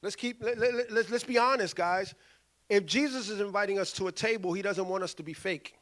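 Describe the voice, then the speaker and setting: High-voiced, bright man preaching animatedly. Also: a little fast. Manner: animated, acts out quoted voices, loud bursts. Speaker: pastor. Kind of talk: sermon.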